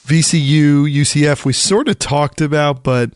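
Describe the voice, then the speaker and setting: A man from the Philadelphia area chatting casually about college basketball, rambling and animated, often acting out quotes. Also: fairly high pitch, normal speed, clean tone, dry recording, studio quality. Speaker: podcast co-host. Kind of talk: casual sports chat.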